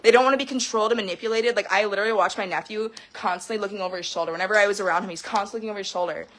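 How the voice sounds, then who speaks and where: A woman's voice: medium pitch, racing, fairly bright tone, slight background noise. A woman in her thirties ranting to camera in a heated personal vlog, swearing freely and veering between laughter and tears. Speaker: vlogger. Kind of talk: emotional personal rant to camera.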